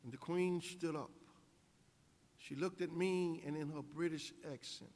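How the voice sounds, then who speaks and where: A man's voice: a little high, unhurried, a little mellow. An older man giving an inspirational convocation speech as guest speaker, emphatic with preacher-like repetition. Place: large convocation hall. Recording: echoey hall.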